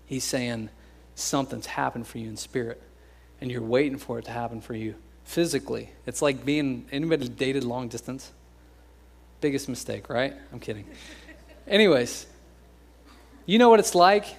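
Joking young American pastor preaching. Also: male voice, medium pitch, moderate pace, creaky, breathy edge. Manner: conversational and joking, acts out quoted voices. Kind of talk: sermon.

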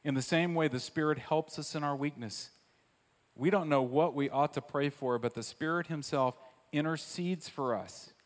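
Man, preacher, sermon, dynamic delivery, soft asides then loud repeated lines, voice ringing in a big church. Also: on the high side, normal speed. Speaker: pastor. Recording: long reverb of a large hall.

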